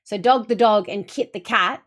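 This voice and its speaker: A woman's voice: medium pitch, normal speed, a bit bright. A young adult woman streamer chatting casually with her viewers, telling a long, emotional story in a rambling way.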